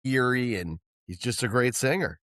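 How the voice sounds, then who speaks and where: A man's voice: mid-range voice, moderate pace, a bit bright, no echo, clean studio sound. A middle-aged man co-hosting a podcast, chatting enthusiastically about rock singers with many restarts. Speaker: podcast co-host. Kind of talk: casual rock music chat.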